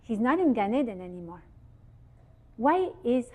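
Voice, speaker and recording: A woman giving an informal religious talk at a holiday event, lively and asking her listeners questions. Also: fairly high pitch, moderate pace. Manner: lively, asks the audience questions. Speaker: speaker giving a Torah talk. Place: event hall with audience.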